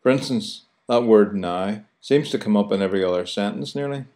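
A man's voice: fairly low pitch, a little fast, few pauses, a little mellow. A man with a Belfast accent hosting a radio show, chatty and playful, mimicking local phrases. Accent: Belfast, Northern Ireland. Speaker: radio host.

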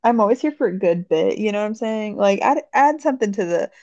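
Raspy woman, gravelly, casual podcast chat, slangy and laid-back, dull dry sound. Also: mid-range voice, animated, fast, darkish tone, no room sound. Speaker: podcast co-host.

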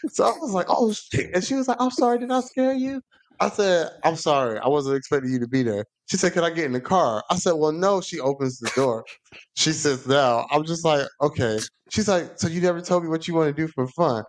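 Animated man telling a funny story. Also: a little fast. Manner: animated, acts out quoted voices with big pitch jumps. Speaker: podcast host. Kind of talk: casual storytelling.

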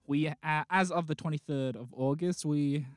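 An Australian podcast host chatting casually. The host is goofy and playful and swears freely. The voice sits at a middle pitch. The sound is close and dry. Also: moderate pace, a little mellow, no room sound. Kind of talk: casual chat.

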